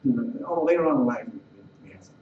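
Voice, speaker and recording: A middle-aged man from the Los Angeles area telling a personal life story in a halting way, repeating words and restarting sentences. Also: mid-range voice, lively intonation. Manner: halting, repeats words and restarts, voice rising when retelling tense moments. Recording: roomy, distant, dull and slightly noisy.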